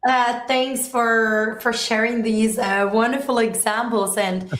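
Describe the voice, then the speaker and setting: A woman's voice: a little high, fairly even intonation, takes it slowly, fairly bright tone, slight background noise. A woman from Germany hosting an interview, asking questions in an encouraging way, with some hesitant fillers. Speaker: interview host. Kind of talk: conversational interview. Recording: echoey room.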